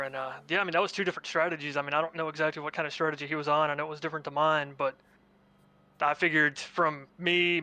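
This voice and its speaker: A man talks through his win in a post-race interview at a rapid, rambling clip. His voice is bright and crisp, a little higher than most men's, with a flat, level delivery. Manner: rapid, rambling, filler-heavy recap. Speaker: race winner, sim racing driver.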